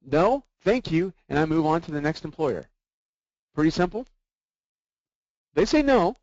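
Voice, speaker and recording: Sales trainer, man, fairly high voice, dry and dull lo-fi webinar sound, keeps quizzing his team as he goes. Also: sing-song, moderate pace, darkish tone, no room sound. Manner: keeps checking in with the group through rhetorical questions.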